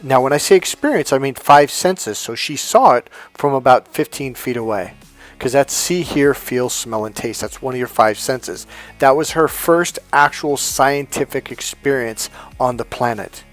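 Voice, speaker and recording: A man's voice: medium pitch, normal speed, faint music behind. A middle-aged man coaching in a spontaneous, emphatic monologue, acting out the dialogue in his stories. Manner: emphatic, storytelling, acts out quoted dialogue. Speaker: self-help coach.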